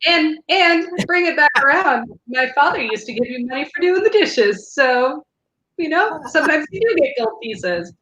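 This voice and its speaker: A woman's voice: sits high, very animated, moderate pace, sharp tone. A woman co-hosting a casual chat show, talking loosely with many restarts and laughs. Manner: chatty, laughing, lots of fillers and restarts. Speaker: podcast co-host. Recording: echoey room.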